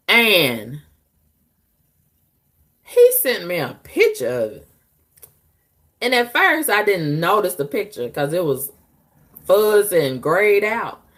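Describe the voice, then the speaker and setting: Profane animated woman telling dating stories. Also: on the low side. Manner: blunt, profane, animated, laughs often. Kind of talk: candid storytelling monologue.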